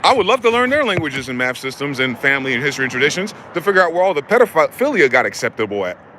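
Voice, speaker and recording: A male vlogger delivers an angry, profane, confrontational monologue, circling back to the same rhetorical questions. His fairly high voice swings widely in pitch, rapid-fire, over heavy background noise.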